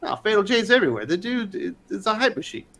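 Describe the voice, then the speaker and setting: A man's voice: sits high, very animated, fast talker, fairly bright tone. A man hosting a live panel stream, chatting casually and greeting viewers in the chat. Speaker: show host.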